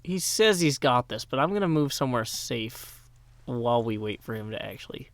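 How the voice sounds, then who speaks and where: Tennessee guy streaming a game, rambly and jokey, middle pitch, dry close sound. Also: expressive, moderate pace, no room sound. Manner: rambling, joking, thanks donors aloud. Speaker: gaming livestreamer. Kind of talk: casual livestream chat while playing.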